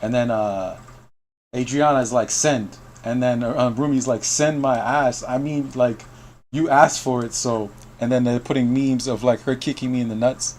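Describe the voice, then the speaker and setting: Male streamer, casual gaming story, laughs a lot, mid pitch, faint hiss behind. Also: fairly even intonation, normal speed, a little mellow. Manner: laughs often, quotes chat messages. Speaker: host of a game news stream. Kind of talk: casual storytelling to call guests.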